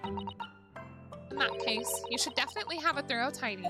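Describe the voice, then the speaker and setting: A woman streamer reading the lines of a polite young female assistant who calmly scolds her employer. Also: high voice, moderate pace, loud music behind the voice. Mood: firm.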